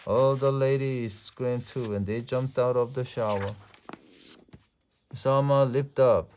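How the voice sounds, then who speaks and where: A man reading a children's picture book aloud at a steady, gentle pace. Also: mid-range voice, a little slow, a little hiss or hum. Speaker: storyteller.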